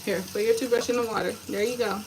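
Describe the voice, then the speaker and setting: A tearful woman with a fairly high voice vents raw and unfiltered, swearing as her voice breaks. She sounds set back from the mic in a bathroom, with clear hiss and noise under her words. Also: steady tone, fast, far from the mic. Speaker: vlogger. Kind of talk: emotional confessional vlog. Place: home bathroom.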